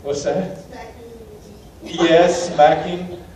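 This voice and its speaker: This British man's voice sits high and a little mellow, with flat delivery and drawn-out words. Lecturing as a guest on travel to a college crowd, he's funny and self-deprecating, sharing anecdotes with many ums and uhs, captured from afar in an echoey hall with faint hiss.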